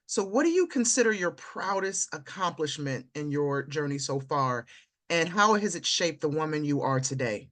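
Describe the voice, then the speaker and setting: A woman's voice: low-pitched, sing-song, normal speed, a bit bright. A woman interviewing a guest, speaking in a personal, affirming way and sharing her own story. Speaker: interview host. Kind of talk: conversational interview.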